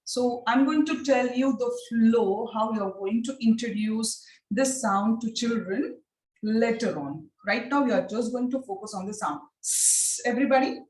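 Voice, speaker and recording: A woman training teachers in phonics. She speaks in an encouraging way and drills each sound slowly and repeatedly. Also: a little high, a little mellow. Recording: echoey room, distant mic.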